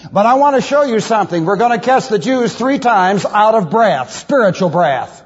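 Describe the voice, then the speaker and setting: A man teaching the Bible as a pastor, emphatic, asking rhetorical questions and swinging his pitch widely. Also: lively intonation, normal speed, husky. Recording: lo-fi reverberant hall recording.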